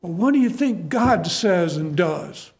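A man preaching a sermon in an unhurried, folksy way, leaning on repetition to drive his points home. His voice sits notably high for a man, and he takes his time between phrases. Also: expressive. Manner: folksy, repeats key phrases for emphasis. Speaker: pastor.

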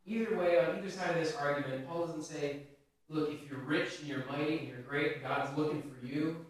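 A man's voice: fairly high pitch, steady tone, normal speed. A male pastor preaching a sermon in a conversational way, asking the congregation questions. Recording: very echoey hall, voice from a distance.

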